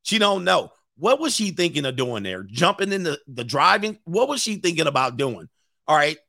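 A man's voice: fairly high pitch, big pitch swings, moderate pace, vocal fry, sharp tone, no room sound, studio quality. A man hosting a casual reaction stream, telling a story bluntly and with animation while he acts out quotes. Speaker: host.

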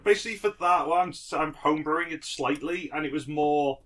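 A man's voice: fairly high pitch, fairly quick, a bit bright, a little hiss or hum. A man narrating as game master in a casual tabletop game, jokey and rambling.

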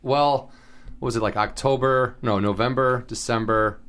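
A man's voice: mid-range voice, steady tone, normal speed, fairly bright tone. A man co-hosting a casual podcast, telling rambling stories and laughing often. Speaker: podcast co-host. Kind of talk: casual chat.

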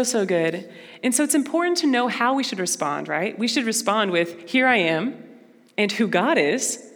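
Young woman, Christian speaker, earnest and conversational, long echoing hall. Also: mid-range voice. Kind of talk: personal testimony talk.

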